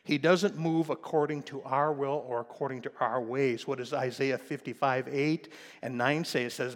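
A male pastor preaching a sermon, swinging from quiet explanation to loud, emphatic passages. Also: mid-range voice, steady tone, moderate pace, long reverb tail. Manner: preaching with rising intensity, shifting from quiet to loud.

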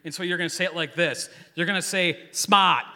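A man's voice: sits high, fast. A man in his forties, a youth pastor, preaching a casual, joking sermon to his church and leading the crowd in call-and-response. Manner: joking, energetic, rambling storyteller. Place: church hall. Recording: long hall reverb.

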